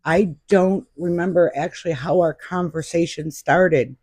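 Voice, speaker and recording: A woman's voice: lowish voice, measured pace, husky, no echo, clean studio sound. A woman in her fifties, a podcast guest, telling stories in a chatty, anecdotal way. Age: 50s. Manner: warm, chatty anecdotal storyteller. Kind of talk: casual storytelling chat.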